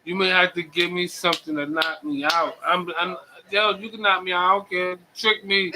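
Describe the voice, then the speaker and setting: A man co-hosting a casual chat show, slangy and quick to laugh as he jokes around. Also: sits high, flat delivery, background noise. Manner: slangy, joking and laughing often. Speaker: podcast co-host.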